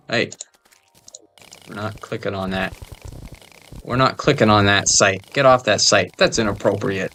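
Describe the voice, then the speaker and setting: A man's voice: fairly low pitch, unhurried, pauses often, pushed and bright, slight background noise. A man joking and rambling through casual gameplay commentary, often trailing off into mumbled asides. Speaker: gamer recording gameplay.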